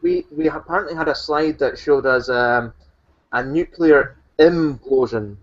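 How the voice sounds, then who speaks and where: A man's voice: medium pitch, very animated, measured pace, gravelly, highs cut off. A man co-hosting a podcast, wry and incredulous in mocking banter over an online voice call. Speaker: podcast co-host.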